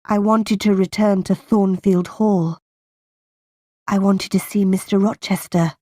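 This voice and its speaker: A woman narrating a simplified audiobook in a slow, plain and deliberate reading voice. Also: mid-range voice, fairly even intonation, mellow, no echo, studio quality. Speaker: audiobook reader.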